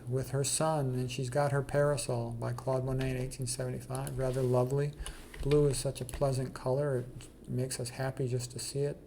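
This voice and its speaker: A man's voice: medium pitch, mellow, a little hiss or hum. A man casually presenting an art slideshow, blunt and emphatic, with frequent "okay" and "you know".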